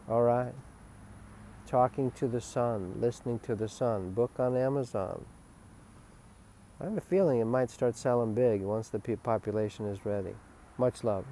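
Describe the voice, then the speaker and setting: A man's voice: mid-range voice, lively intonation, normal speed, long pauses, a little hiss or hum. Emphatic rambling man giving spiritual talk. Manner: emphatic and rambling, swings from loud to hushed. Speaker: spiritual teacher. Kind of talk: spiritual webcast monologue.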